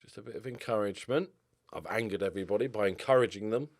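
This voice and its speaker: A young man giving casual gameplay commentary, excitable, swinging from mumbled asides to loud outbursts. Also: lowish voice, fast, dry recording, clean studio sound. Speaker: gaming YouTuber.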